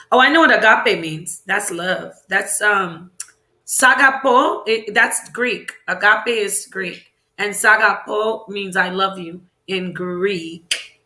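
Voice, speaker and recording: Woman livestreamer, chatty and meandering, bright tone, echoey room. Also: mid-range voice. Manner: chatty and rambling, answers viewers, asks questions aloud. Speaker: livestream host. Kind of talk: casual livestream chat, reading viewer comments. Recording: roomy echo.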